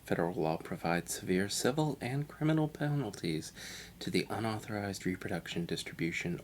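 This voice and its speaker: Deep-voiced man doing pompous mock commentary. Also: animated, moderate pace, a little hiss or hum. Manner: pompous, self-satisfied and absurd. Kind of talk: parody audio commentary over a video.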